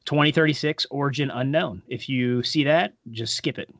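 A man's voice: mid-range voice, normal speed, fairly bright tone, no room sound. A man co-hosting a podcast, chatting casually with loose, profane joking asides. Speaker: podcast co-host. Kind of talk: casual chat.

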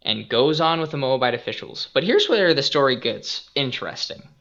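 A young man hosting a casual podcast, retelling a Bible story in an animated, earnest and reflective way, on a dull lo-fi recording. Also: mid-range voice. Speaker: podcast host and youth skate minister.

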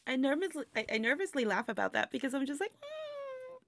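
Gravelly-voiced woman, reflective and laughing. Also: high-pitched, expressive, very fast, background noise. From immigrant to the United States. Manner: reflective, laughs often, many fillers. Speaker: burlesque performer, guest. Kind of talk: casual interview chat.

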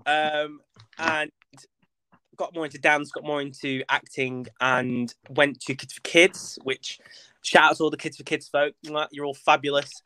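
A man's voice: on the high side, fairly even intonation, a little slow, sharp tone, clean tone. A young man from North West England, a theatre performer chatting as an interview guest, self-mocking and full of ums and likes. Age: young adult. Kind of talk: casual interview chat.

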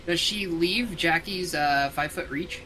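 Wry, bright-voiced woman player. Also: fairly low pitch, unhurried, slight background noise, poor audio. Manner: wry, teasing asides. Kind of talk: tabletop game play.

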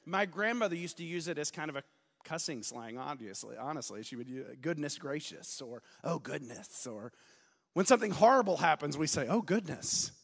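A man in his forties preaches a sermon in a church sanctuary, his fairly high voice carried by a long reverb. He jokes at his own expense, tells stories, and sometimes slips into a loud preacher voice. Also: very animated, brisk, gravelly. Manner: self-deprecating, joking, storytelling, bursts of loud preaching. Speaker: student pastor, guest preacher. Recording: long reverb of a large hall.

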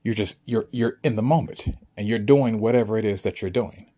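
Brisk and mellow with a fairly low pitch, this man preaches emphatically to his listeners as a spiritual speaker. His motivational monologue is full of questions asking whether they understand.

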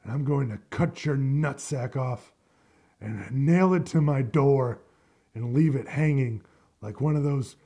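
Furious vengeful father, as a man puts him on, loud drawn-out threats, mellow husky tone. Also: mid-range voice. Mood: menacing. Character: enraged grieving father vowing brutal revenge.

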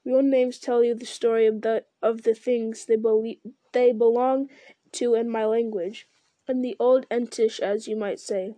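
A woman reading aloud and voicing an ancient, slow-spoken male tree giant who muses with hums and never hurries. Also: fairly high pitch, fairly even intonation, dark tone, no room sound, natural voice. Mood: musing. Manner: slow, deliberate, musing with hums. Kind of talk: reading a fantasy novel aloud.

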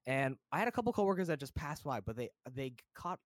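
A young man from the United States talks in a loose, rambling way, full of fillers and restarts. His voice sits at an ordinary middle pitch. The recording is close and dry, with no room sound. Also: fast talker, no room sound. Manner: relaxed, rambling, many fillers. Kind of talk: casual chat.

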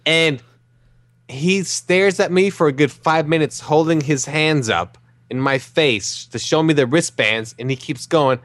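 A man hosting a podcast, telling a jokey anecdote in a casual, animated way, with some swearing. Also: a little high, unhurried, dry recording. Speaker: podcast host. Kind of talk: casual storytelling chat.

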